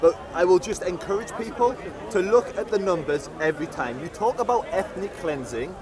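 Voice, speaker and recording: A man argues in an open-air debate, accusing his opponent and piling up figures. His pitch is high and swings widely. A crowd is clearly heard behind him. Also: animated, moderate pace. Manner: accusatory, citing numbers. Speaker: pro-Israel advocate. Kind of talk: heated street debate. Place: outdoor public speaking park. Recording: outdoor recording with clear crowd noise.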